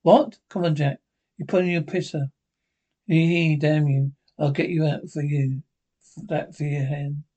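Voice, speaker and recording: An older man with a Scottish accent, acting in a sitcom and trading gruff, salty, teasing banter. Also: a little high, dark tone. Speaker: sitcom actor. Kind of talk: sitcom dialogue.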